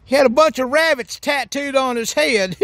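Very high-pitched and animated, a man talks a little slowly in a dry recording. He's a sketch comedy host doing a goofy hillbilly character, his monologue a folksy drawl full of whoops, hoots and cackles.

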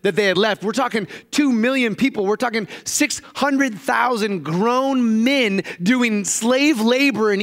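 Animated male pastor preaching a sermon. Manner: animated storytelling, acting out quoted voices with raised pitch. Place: church.

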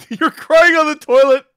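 A man co-streaming a game in casual chat, excitable, playful and laughing often. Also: very high-pitched, takes it slowly, dry recording. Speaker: co-streamer guest.

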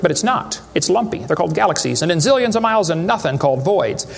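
Male lecturer, high-pitched and folksy, joking with a live crowd in a hall. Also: lively intonation, quick pace, vocal fry. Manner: folksy, joking, rhetorical questions. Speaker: creationist speaker addressing a live audience. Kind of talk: humorous lecture to a live audience.

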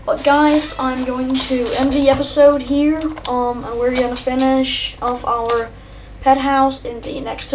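A young male gamer doing rambling, excitable let's-play commentary, chatting to his viewers and his in-game pet. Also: high voice, slight background noise. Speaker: gameplay commentator. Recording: distant mic with faint keyboard typing.

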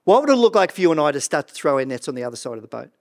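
A middle-aged man preaching a sermon as pastor of a church, earnest and animated, often stumbling and repeating words. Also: fairly high pitch, racing.

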